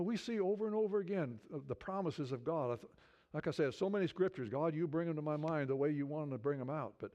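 A man's voice: a little high, a little mellow. A man preaching a sermon in a conversational way, stumbling over restarts and building to fervent appeals. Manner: conversational preaching, many restarts, rising fervor. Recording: dull lo-fi sound.

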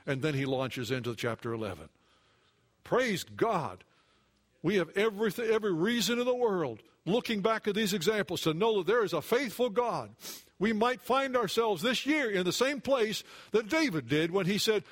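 A man preaching a sermon to a congregation, earnest, dropping to a hush and then rising. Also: fairly high pitch, expressive, normal speed. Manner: earnest, swings between hushed and raised. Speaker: pastor.

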